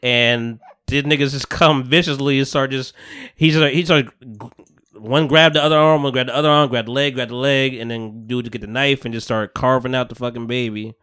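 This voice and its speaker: Bright, animated man telling a story. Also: medium pitch, brisk, clear, resonant tone. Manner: animated storytelling, acts out characters, laughs a lot. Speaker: podcast host. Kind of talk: casual chat recapping a TV episode.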